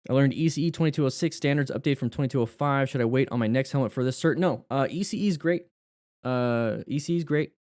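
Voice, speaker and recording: A man's voice: medium pitch, quick pace, darkish tone, dry recording, clean studio sound. A man hosting a live motorcycle class, reading out viewer questions and answering them casually, thinking aloud and correcting himself as he goes. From United States.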